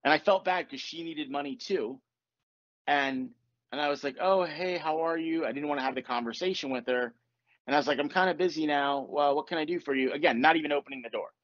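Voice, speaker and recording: A man hosting a podcast, telling a story in casual chat, animated and swearing as he acts out what people said. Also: fairly high pitch, fairly quick, lo-fi sound. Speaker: podcast host.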